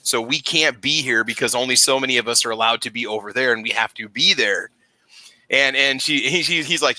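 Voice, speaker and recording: Man, very bright tone, dry close sound, animated storyteller, casual call-in chat. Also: medium pitch, a little fast, no echo. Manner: animated storyteller acting out quotes. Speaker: co-host. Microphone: remote call.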